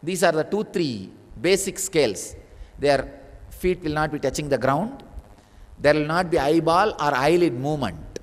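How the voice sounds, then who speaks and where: A man's voice: on the high side, animated, moderate pace. A man giving a spiritual discourse as a teacher, telling a story with sudden bursts of emphasis. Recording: long reverb of a large hall.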